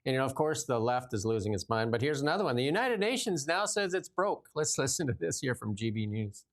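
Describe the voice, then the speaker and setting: Male host, blunt and animated, casual talk. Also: mid-range voice, fast talker. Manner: animated, blunt, laughs often. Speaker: show host. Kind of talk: casual political talk show chat.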